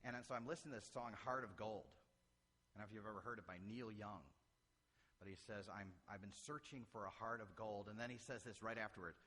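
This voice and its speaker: A middle-aged pastor from Illinois preaches a sermon in a church sanctuary, sprinkling in folksy, humorous stories. His voice is on the low side, brisk and sharp-toned, and the recording has the reverb of a church hall.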